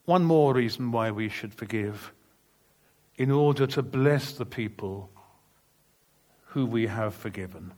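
An earnest male preacher telling a testimony from the pulpit, his pitch sitting at an ordinary middle level. He speaks with steady conviction and acts out the dialogue of the people in his story. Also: measured pace, long pauses. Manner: earnest, emphatic testimony with vivid retold dialogue. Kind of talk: sermon storytelling.

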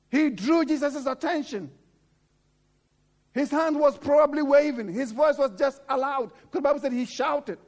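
A man's voice: extremely high pitch, moderate pace. A man preaching a sermon, fervent and exhorting, repeating phrases to drive points home. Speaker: pastor.

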